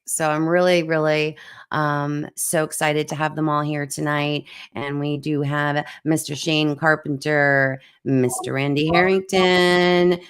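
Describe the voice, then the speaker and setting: Slow, smooth-voiced woman hosting a livestream. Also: lowish voice, dry recording, clean studio sound. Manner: warm greetings to viewers by name, many fillers. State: voice cutting in and out. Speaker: livestream host. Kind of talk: casual livestream chat.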